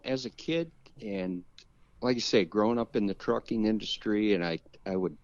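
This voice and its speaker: A man's voice: lowish voice, no room sound, lo-fi sound. A man, a guest car builder, telling stories in a rambling, casual way and chuckling often. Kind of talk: casual storytelling.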